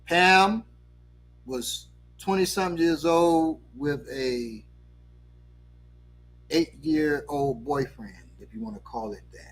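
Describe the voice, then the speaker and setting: With faint music behind him, a male talk show host with a slightly high voice speaks slowly, leaving long pauses. He tells a lively story, laughing and acting out the voices of the people in it.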